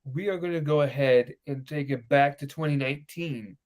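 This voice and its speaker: A man co-hosting a casual podcast from home, loud and excitable in banter. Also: a little high, normal speed. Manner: loud, excitable banter that swings to soft baby talk. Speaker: podcast co-host.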